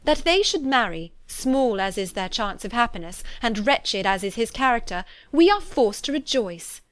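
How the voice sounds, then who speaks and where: A woman reading a classic novel aloud, voicing an eager, sharp-witted young woman who speaks in urgent exclamations. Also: a little high, big pitch swings, moderate pace, no room sound. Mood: anxious, urgent.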